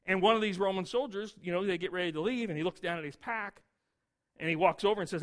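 A male pastor preaching a sermon, telling the story lively and acting out scenes. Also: high-pitched, fast.

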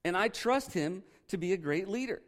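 A man preaching a sermon in a conversational way, often pausing to quiz his congregation. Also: high-pitched, lively intonation. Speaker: pastor.

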